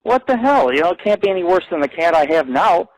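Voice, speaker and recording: A man hosting his own internet radio show, telling boastful, profane stories in a rambling live monologue that climbs higher and louder when he gets excited. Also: quick pace, low-quality recording.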